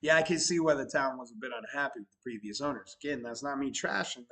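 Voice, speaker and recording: A middle-aged man casually telling stories about his new bar, animated, swearing now and then, swinging from loud bursts to low mutters. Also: fast talker, hardly any pauses, husky, low-quality recording. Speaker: bar owner vlogger. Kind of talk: casual storytelling vlog.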